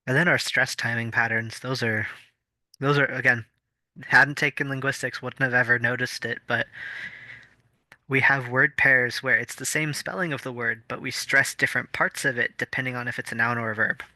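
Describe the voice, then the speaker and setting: A man co-hosts a casual podcast chat, thoughtfully explaining things with fillers and restarts. His mid-range voice is bright and forceful, with fairly even intonation and a moderate pace, captured in a dry recording.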